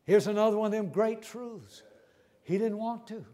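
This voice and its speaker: Emphatic high-voiced preacher man. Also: moderate pace, mellow. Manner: folksy, emphatic preaching with repeated words and stammered restarts. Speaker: pastor. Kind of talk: sermon.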